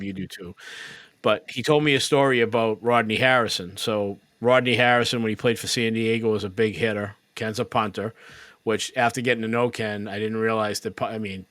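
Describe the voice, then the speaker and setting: A man telling an animated story as a podcast guest, quoting the people in it. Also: lowish voice, no echo. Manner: animated, quotes people in his stories. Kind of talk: casual storytelling. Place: podcast recording.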